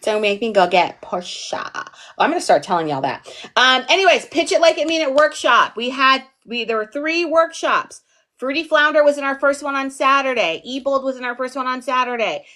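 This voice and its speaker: A woman's voice: sits high, lively intonation, a little fast, bright, forceful tone. Chatty playful woman teaching a live class. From US East Coast. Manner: chatty, playful, digressive, lots of "like" and "okay?". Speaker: online TV pitching instructor. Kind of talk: casual livestream lesson.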